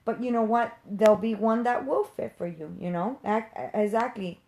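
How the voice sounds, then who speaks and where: Woman medium going off on a rant to her live viewers, blunt and fired up, kinda high voice, swears a bit. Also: moderate pace, gravelly, dark tone. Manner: passionate, emphatic, blunt, swears casually.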